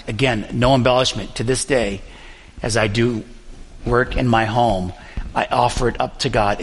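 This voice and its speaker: Young male pastor, mid-pitched and gravelly, earnest storytelling sermon with pauses, long hall reverb. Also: a bit bright. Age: young adult.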